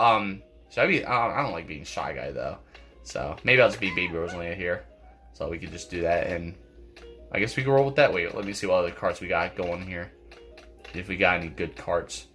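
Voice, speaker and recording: Brief: congested young male gaming host, low-ish voice, rambling casual commentary full of fillers, game music clearly audible behind. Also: sharp tone. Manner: rambling, repeats words, many fillers.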